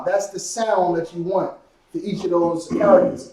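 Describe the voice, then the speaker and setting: A man's voice: sits high, level tone, normal speed, a little mellow. A man teaching a live-streamed class, casual and repetitive, with many fillers. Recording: echoey room from far off.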